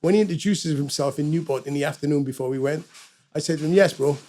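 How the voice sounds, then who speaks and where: Speaking quickly in a slightly high, dark-toned voice, a middle-aged Welsh musician spins a story as a guest in an easygoing interview. Profanity flows freely, and he does the voices of everyone he quotes.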